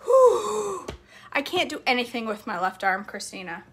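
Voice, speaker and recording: A woman's voice: mid-range voice, lively intonation, a little fast, fairly bright tone, a little hiss or hum. A woman vlogging from her home kitchen stove, chatting and joking in a playfully bossy way as she cooks for a camera set up nearby. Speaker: cooking vlogger. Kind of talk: casual cooking demonstration. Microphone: camera set up near the stove. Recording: clattering pots and whisking behind voice.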